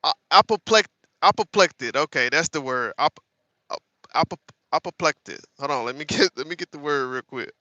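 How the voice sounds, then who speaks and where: Male host, 30s, casual stream commentary, animated and laughing, bright lively voice. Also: fairly high pitch, moderate pace, no echo, highs cut off. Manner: animated, laughing, talks to the chat.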